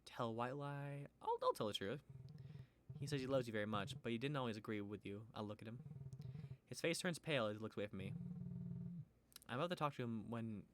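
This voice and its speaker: A man reading a visual novel aloud in a quiet voice, stumbling now and then. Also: fairly low pitch, fast talker, long pauses, a little hiss or hum. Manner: quiet narration with stumbles and fillers. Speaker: game player reading aloud. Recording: game music behind voice. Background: game music.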